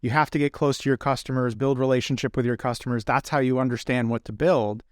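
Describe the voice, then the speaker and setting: A male podcast host chats casually, thinking aloud and pausing on fillers as he works out his point. His voice sits at an average pitch. The recording is dry and close-miked. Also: fairly even intonation, no room sound. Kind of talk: podcast interview.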